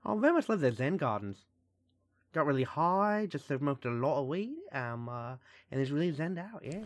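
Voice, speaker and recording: A man's voice: fairly high pitch, very animated, normal speed, no room sound, studio quality. A man playing a tabletop game, rambling and joking with many hesitations. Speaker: player. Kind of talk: casual tabletop chat.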